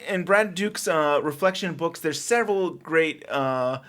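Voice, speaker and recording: High-voiced man, animated podcast co-host. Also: a little slow. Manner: animated storytelling, acting out quotes. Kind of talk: casual chat.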